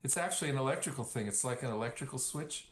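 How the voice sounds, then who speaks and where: A man explaining a science topic in an interview, measured and patient, using everyday analogies like a light switch. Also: medium pitch, animated, reverberant, slight background noise. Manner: measured, uses everyday analogies, slows on key points.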